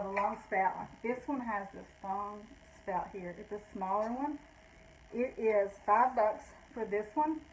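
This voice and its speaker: A woman's voice: fairly high pitch, slight background noise, poor audio. An older woman, out of breath, chatting casually as she shows items from her vintage shop and rambles, correcting herself along the way. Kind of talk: casual live sale talk.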